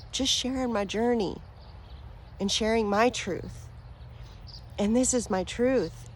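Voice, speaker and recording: A woman talking straight to her viewers as a spiritual vlogger, earnest and affectionate, rambling with fillers and soft laughs. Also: mid-range voice, slight background noise. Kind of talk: heartfelt direct-to-camera talk.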